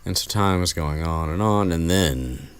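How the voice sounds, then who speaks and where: A man's voice: sits low, steady tone, moderate pace, a bit bright, smooth. A man recapping a book chapter in a rambling, casual chat full of fillers and restarts. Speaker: podcast host recapping a book.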